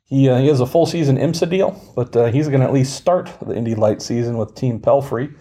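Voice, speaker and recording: A man's voice: medium pitch, a little fast, dark tone. A man in his forties hosting a casual podcast, reading the news with dry, wry humor. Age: 40s. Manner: dry, wry delivery of news with mock hype. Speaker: podcast host.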